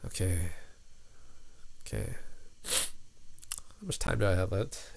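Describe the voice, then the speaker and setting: A man's voice: low voice, very animated, takes it slowly, creaky, a little hiss or hum. A man hosting a casual livestream, reading viewer comments and thinking aloud with lots of fillers. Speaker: livestream host, app developer.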